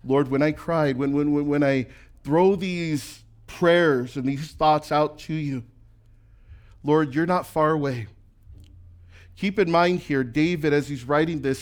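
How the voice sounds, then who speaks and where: A male pastor delivers a sermon in a conversational, animated style, his voice a little high and his pace unhurried. He acts out quoted voices and often repeats words as he builds toward a point.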